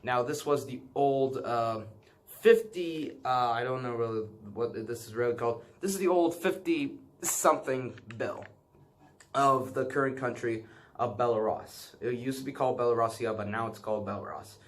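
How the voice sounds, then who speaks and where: A man's voice: medium pitch, normal speed. A man casually showing his banknote collection on a vlog, rambling and hesitant, with many filler sounds, self-corrections and apologies for what he does not know. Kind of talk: casual show-and-tell.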